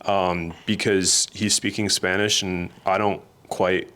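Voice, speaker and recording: A man co-hosting a podcast, telling stories in a casual, animated way and laughing often. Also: low voice, takes it slowly. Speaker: podcast co-host. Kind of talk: casual storytelling chat.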